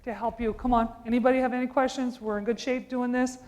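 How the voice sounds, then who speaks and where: A woman basketball coach leads a live clinic, talking players through drills. She is brisk and commanding, with a fairly high voice. Her calls ring out over the long reverb of a large gym. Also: flat delivery, darkish tone.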